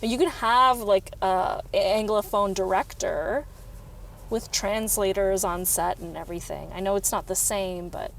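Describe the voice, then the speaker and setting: A woman's voice: medium pitch, a little slow, gravelly. A young woman co-hosting a casual movie review chat in a car, chatty and giggly, with lots of "like". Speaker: co-host of a movie review show. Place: inside a car. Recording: car noise, loud road hum.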